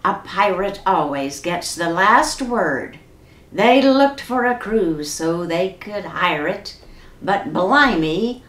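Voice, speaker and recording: A woman reading a picture book aloud to children in a slow, expressive, gentle way. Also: on the low side, reverberant. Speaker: children's storyteller.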